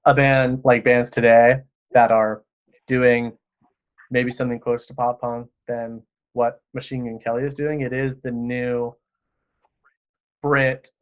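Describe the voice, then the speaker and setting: A man's voice: medium pitch, little pitch movement, slow pace. A man chatting casually in an interview, talking enthusiastically in rambling sentences full of "like". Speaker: podcast director.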